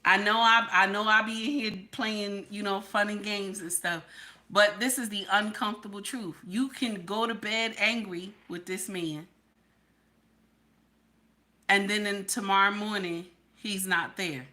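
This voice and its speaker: A woman's voice: mid-range voice, fairly even intonation, measured pace, pushed and bright. A woman hosting a livestream, talking bluntly to her chat and often checking in with "okay?". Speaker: livestream host. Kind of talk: candid livestream talk to chat.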